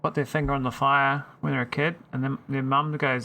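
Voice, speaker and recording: Gravelly, bright man. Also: medium pitch, little pitch movement, brisk, few pauses. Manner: chatty, teasing, thinks aloud. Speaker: game streamer. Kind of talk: casual live-stream chat while playing.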